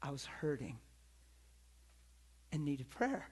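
A high-voiced preaching man. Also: big pitch swings, slow, breathy edge. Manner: impassioned, rising and dropping to near whispers. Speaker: pastor. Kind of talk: sermon.

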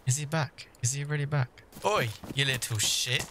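A British man streaming a survival game, joking loudly and swearing in casual chat. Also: medium pitch, steady tone, moderate pace, heavy background noise.

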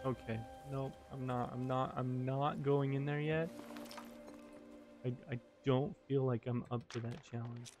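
A man chatting to himself through a video game playthrough, trading quick jokes as he explores. His voice sits at a middling pitch, and clear game music runs underneath it the whole time. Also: little pitch movement. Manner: chatty, jokey, talks to himself. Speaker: gamer narrating his play. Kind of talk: casual let's-play commentary.

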